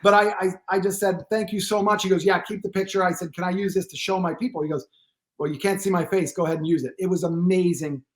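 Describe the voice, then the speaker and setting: A man with a notably high speaking voice, from Pennsylvania, telling a lively anecdote as a podcast guest. He jokes and acts out both sides of the exchange. The voice is the main thing you hear. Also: fast. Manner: animated anecdotes, acting out dialogue, joking. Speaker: guest posture therapist. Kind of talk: storytelling in a podcast interview.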